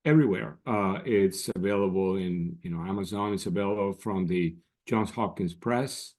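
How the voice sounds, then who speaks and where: A man with a fairly low voice talks as an expert guest in an interview. He explains patiently and measuredly, often restarting his sentences before finishing a thought. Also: normal speed, a little mellow. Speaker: guest scientist. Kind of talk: interview answers.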